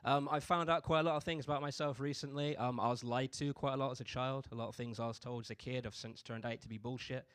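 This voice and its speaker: A man's voice: mid-range voice, steady tone, quick pace, hardly any pauses, a bit bright, smooth, no echo. A young man from doing a stand-up comedy set in a laid-back, conversational way. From Bristol, England. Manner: laid-back, conversational delivery with frequent "you know what I mean".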